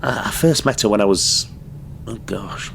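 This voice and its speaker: A man playing a grown son who recounts his childhood in a halting, subdued way. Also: on the low side, gravelly, fairly bright tone, slight background noise. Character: weary grown son of abused mother.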